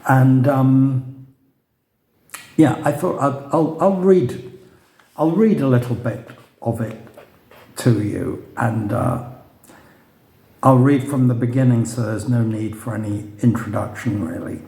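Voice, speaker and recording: Slow, mellow-voiced man reading his novel. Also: medium pitch. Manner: hesitant asides, dry storytelling. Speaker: author. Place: room with a live audience. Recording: roomy echo.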